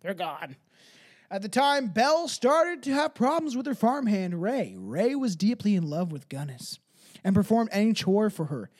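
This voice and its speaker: Podcast host reading a crime story, swears a lot, mid-pitched voice. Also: sing-song, moderate pace, breathy edge. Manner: swears freely, laughs, trips on names. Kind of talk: casual true-crime storytelling.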